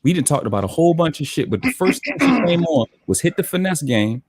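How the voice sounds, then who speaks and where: A man's voice: fairly high pitch, huge pitch swings, fast talker, a little mellow, breathy edge. A man with a Baltimore accent ranting with heavy profanity as a guest in a livestream talk. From Baltimore, USA. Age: adult with children. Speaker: podcast guest.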